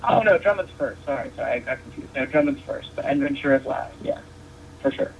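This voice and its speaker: A man's voice: mid-range voice, lively intonation, brisk, vocal fry. A man guesting as a wrestling referee on a casual podcast, joking and rambling with many restarts. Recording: dull lo-fi sound with faint noise.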